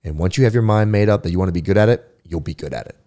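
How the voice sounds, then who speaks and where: A former pro football player, appearing as a podcast guest, reflects on his sports career in a relaxed, conversational way. His voice is fairly low and he talks very fast. Reflective and emphatic, he often stumbles over and repeats a word before pressing on.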